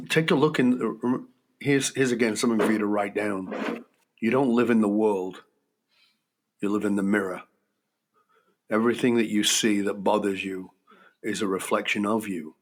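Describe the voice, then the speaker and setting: A man's voice: on the low side, fairly even intonation, normal speed, long pauses. A man being interviewed as a guest, telling a personal story in an earnest, reflective teaching tone. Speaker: guest, leadership coach.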